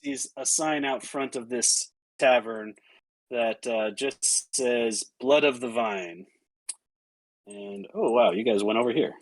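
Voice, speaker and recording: A man narrating as game master, casual and halting with many fillers. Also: mid-range voice, animated, no room sound, poor audio.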